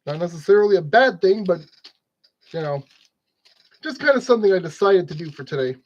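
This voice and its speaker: A man's voice: high voice, animated, brisk, muffled recording. A man narrating a model kit build in a casual, rambling way, scolding his tools and joking at his own expense. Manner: rambling, talks to objects, self-deprecating.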